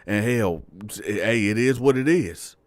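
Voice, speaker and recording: A crude, swaggering older convict who boasts loudly and cusses freely, as a storyteller puts him on. His voice rides high above the teller's own low voice. The sound is dry and close. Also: lively intonation, slow pace, no echo. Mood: boastful. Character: brash older male convict, a swaggering neighborhood OG.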